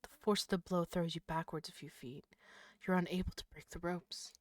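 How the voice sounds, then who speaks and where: A woman streaming a horror game, reading its text aloud in a low voice and breaking into loud, startled swearing. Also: steady tone, moderate pace, no echo. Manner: reads narration quietly, then reacts with loud startled swearing.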